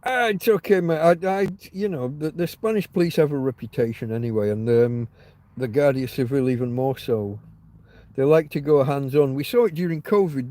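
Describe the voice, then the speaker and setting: On a casual livestream from private land outdoors, a man tells wandering, wry stories peppered with swearing. His voice sits on the high side with a darkish tone, and the recording is dry.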